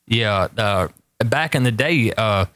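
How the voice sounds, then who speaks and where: Rambling host, dry sound. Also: male voice, fairly low pitch, a bit bright, no room sound. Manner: rambling, emphatic, repeats warnings for effect. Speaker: talk show host. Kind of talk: casual storytelling chat.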